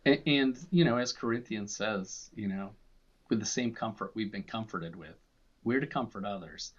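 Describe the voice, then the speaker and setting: A man co-hosting a faith podcast, asking reflective questions in a measured way with hesitant starts. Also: on the low side, muffled recording. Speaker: podcast co-host. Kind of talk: conversational interview.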